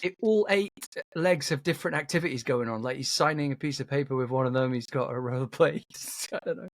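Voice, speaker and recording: A man co-hosting a podcast, quick-witted and teasing in casual banter. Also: medium pitch, dry recording, clean studio sound. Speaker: podcast co-host.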